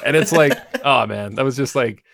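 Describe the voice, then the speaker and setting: A man co-hosting a podcast in casual chat, telling stories in an animated, profane way. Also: mid-range voice, moderate pace, creaky. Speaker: podcast co-host.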